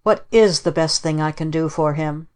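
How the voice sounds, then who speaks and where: A woman's voice: low-pitched, moderate pace, a little mellow, clean tone, close to an everyday voice. A woman reading the part of a proud, flustered lady in a storybook, prim and earnest.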